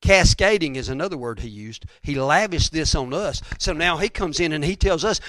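Man, pastor, sermon, folksy rambling asides, higher voice, dry sound. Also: lively intonation, normal speed, hardly any pauses, a bit bright, dry recording. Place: church sanctuary.

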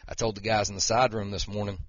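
Folksy man preaching, husky voice. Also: fairly low pitch, little pitch movement, quick pace, fairly bright tone, dry recording, muffled recording. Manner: conversational, folksy, frequent "okay?" and "right?". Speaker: lay preacher and wrestling coach. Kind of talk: sermon.

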